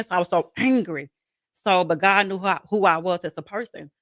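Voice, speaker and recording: A woman's voice: fairly low pitch, normal speed, fairly bright tone, no echo. A woman speaking as a guest in an interview about her life as a grieving mother, talking earnestly and repeating herself as she voices her own inner dialogue. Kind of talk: interview conversation.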